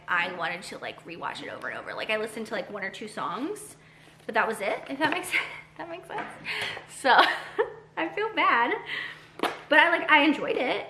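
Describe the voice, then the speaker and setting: A woman's voice: a little high, noisy background. A young woman vlogging casually at home, chatty and rambling with lots of "like". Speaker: book vlogger. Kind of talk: casual vlog chat.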